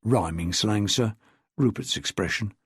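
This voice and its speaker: Man doing a deferential police inspector, husky and plain, audiobook. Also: fairly low pitch, measured pace, no room sound, studio quality, pitched below the performer's own voice. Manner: polite, respectful, matter-of-fact. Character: deferential male police inspector, loyal junior officer. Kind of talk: audiobook character voice.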